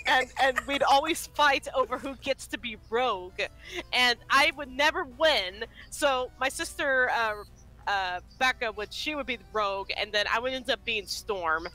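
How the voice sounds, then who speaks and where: A high, bright woman's voice chatting casually on a game stream. She giggles through her stories, with faint game music in the background. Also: lively intonation, measured pace. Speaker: co-host. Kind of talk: casual gameplay chat.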